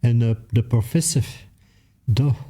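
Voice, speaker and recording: A man's voice: mid-range voice, unhurried, dark tone. An older man, the host's father, chiming in with short remarks during a music reaction and tagging lines with "eh?". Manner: short remarks, tags sentences with "eh?". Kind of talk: casual music reaction chat.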